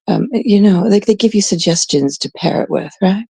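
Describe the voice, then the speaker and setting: A woman's voice: mid-range voice, lively intonation, normal speed, creaky, hardly any pauses, warm tone, slightly rough, no echo. A woman from Canada chatting in a blunt, profane, rambling way, full of fillers, telling a story as a vlogger. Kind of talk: casual storytelling rant.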